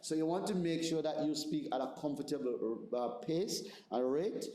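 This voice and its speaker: Jamaican pastor teaching a seminar. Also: male voice, a little high, normal speed, dark tone. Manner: conversational, repeats words, asks "right?". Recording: roomy echoey room.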